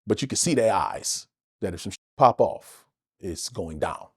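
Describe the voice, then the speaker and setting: A man from the United States, an actor guest telling stories in a casual interview, animated and emphatic, with plenty of swearing. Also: on the low side, normal speed, breathy edge, no room sound, studio quality.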